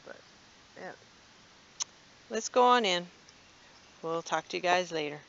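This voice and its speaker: A woman's voice: fairly low pitch, lively intonation, measured pace, a bit bright. A woman vlogging casually from her backyard and home. She rambles along chattily and coos at her cats. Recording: dull lo-fi home video.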